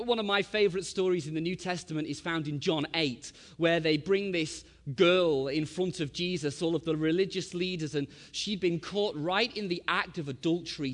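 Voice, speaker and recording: A man, preaching a sermon and telling a family story, swinging from loud to hushed. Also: high-pitched, long reverb tail.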